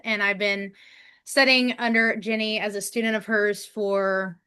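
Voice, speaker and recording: Giggly woman with a crisp bright voice. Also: mid-range voice, little pitch movement, measured pace. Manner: giggly, a bit shy, with many fillers. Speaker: guest psychic medium student. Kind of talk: self-introduction on a live call.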